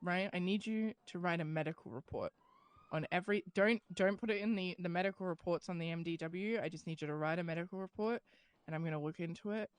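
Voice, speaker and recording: A woman's voice: lowish voice, fast talker, no echo. A woman in a game roleplay giving orders and reassurances in an urgent, take-charge way. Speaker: roleplay player. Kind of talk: in-character game roleplay chat.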